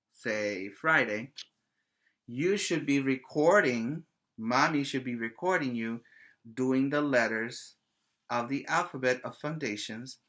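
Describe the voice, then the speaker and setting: A male preschool teacher giving a virtual lesson to small children, speaking in a slow, sing-song, coaxing way, asking questions and repeating words for them. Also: mid-range voice, pushed and bright.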